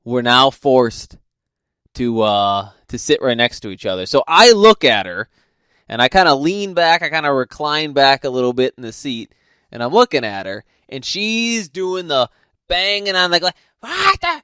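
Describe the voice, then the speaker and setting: A man telling a casual story in a profane, laughing, animated way. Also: mid-range voice, moderate pace, clean tone, no echo, clean studio sound. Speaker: host.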